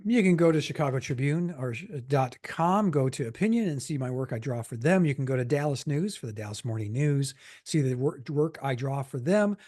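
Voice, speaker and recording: A middle-aged man co-hosting a political podcast, wry and quick to correct and tease. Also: mid-range voice, expressive, a little mellow. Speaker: podcast co-host, political cartoonist. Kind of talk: casual political chat.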